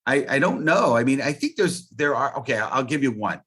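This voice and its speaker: A man's voice: mid-range voice, big pitch swings, a little fast, fairly bright tone, breathy edge. Earnest, rambling male interview guest. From US Northeast. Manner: earnest, rambling, many fillers. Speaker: podcast guest, networker. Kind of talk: casual interview.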